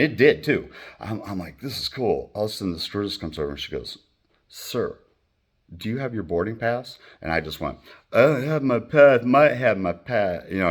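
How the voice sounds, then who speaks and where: A man's voice: sits low, husky. A middle-aged man from Michigan in the United States, a channel host telling a personal story in a rambling, profane and blunt way. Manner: profane, blunt and animated, acting out quoted voices.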